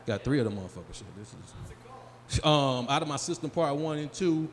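Fairly high-pitched and animated, this forties-aged comic talks a little fast as he riffs with the crowd during a loose, profane stand-up set. He holds a handheld mic at a live comedy venue. You can hear the room's reverb and a faint murmur from the audience.

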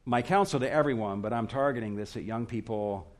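A man preaching an expository sermon, earnest and emphatic, speaking in short, measured phrases. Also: medium pitch. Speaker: pastor.

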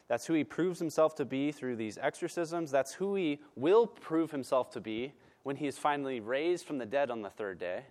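Guy preaching a sermon, punchy and repeats himself, goes quiet and slow to pray. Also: medium pitch, expressive. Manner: emphatic preaching, repeats words for stress; soft, slow prayer voice. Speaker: pastor.

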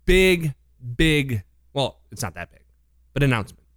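A man's voice: medium pitch, sing-song, a little slow, fairly bright tone, no room sound. Teasing guy cohosting radio, bouncy voice all over the place, dead dry mic. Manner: playful, teasing. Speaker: radio show co-host. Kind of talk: casual on-air banter.

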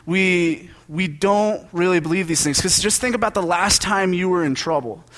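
A man's voice: sits high, normal speed, fairly bright tone. A young adult man, a pastor, giving a casual sermon built on personal stories, joking and conversational with lots of asides.

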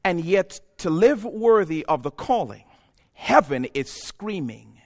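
A male pastor preaching in a church, his voice pitched a little high and moving a lot. He swings from low, quiet stretches to loud, impassioned peaks as he presses his points to the congregation. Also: very animated, slow pace. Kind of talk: sermon.

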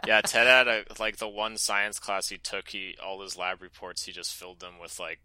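Young male co-host, lowish pitch, very bright timbre; dry, offhand humor. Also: little pitch movement, normal speed, smooth, dry recording, poor audio. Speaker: podcast co-host. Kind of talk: casual chat.

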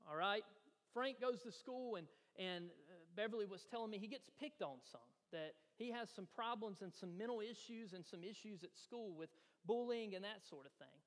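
A male pastor, his voice sitting high and carrying, preaches to his congregation. He tells a personal story and builds to eager emphasis. The long reverb of a church hall trails after every phrase. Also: fairly bright tone. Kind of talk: sermon. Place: church sanctuary.

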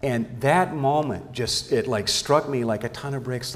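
A man's voice: medium pitch, a little slow, hardly any pauses. Earnest man preaching in an echoing hall. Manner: earnest, emphatic, with repeated restarts. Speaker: seminar teacher on parenting. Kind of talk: sermon-style teaching. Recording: long hall reverb.

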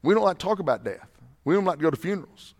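A man's voice: fairly high pitch, lively intonation, racing. A man preaching a sermon, fervent and repetitive, a little out of breath. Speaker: pastor. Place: church sanctuary. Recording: long hall reverb.

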